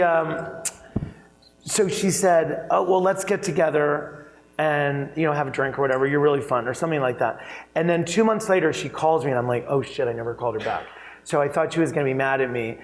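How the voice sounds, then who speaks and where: Chatty, animated man telling stories. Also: fairly high pitch, moderate pace, poor audio. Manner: animated, chatty, laughs through anecdotes, many fillers. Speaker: keynote speaker, interior designer. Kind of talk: conversational storytelling on stage.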